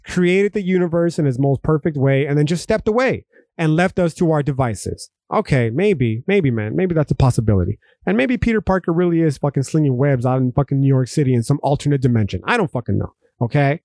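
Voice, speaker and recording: A man's voice: on the high side, lively intonation, fairly quick, a little mellow, no room sound, studio quality. A young man from Texas hosting a solo podcast, ranting emphatically with heavy profanity and frequent restarts. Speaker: podcast host. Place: home room.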